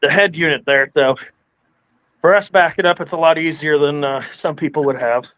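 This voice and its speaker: A man with a notably high voice chats as a guest. He is easygoing and hesitant, dropping fillers as he goes. The sound is dry and close, with no room echo. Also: moderate pace, a bit bright. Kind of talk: casual chat.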